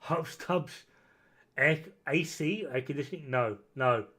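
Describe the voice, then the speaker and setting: A man's voice: a little high, measured pace, fairly bright tone. Rowdy tipsy man streaming. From United Kingdom. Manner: rowdy, swearing, self-mocking banter. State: tipsy from whiskey. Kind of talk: casual stream chat. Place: home room, camera off.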